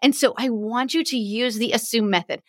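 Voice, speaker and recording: A woman hosting a wedding business podcast, talking with excited, fast energy. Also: on the high side, dry recording, clean studio sound.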